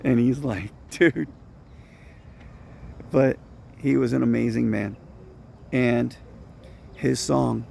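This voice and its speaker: A man, a football coach and teacher, telling lively stories about a late friend and mentor, then speaking earnestly in tribute. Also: gravelly, a little hiss or hum. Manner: animated storytelling, rising high when excited, earnest when reflecting. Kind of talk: casual storytelling tribute.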